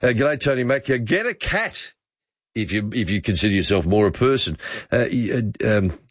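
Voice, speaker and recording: A man's voice: on the low side, animated, normal speed, no room sound, highs cut off. A man hosting a talkback radio show, encouraging his callers. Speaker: radio host.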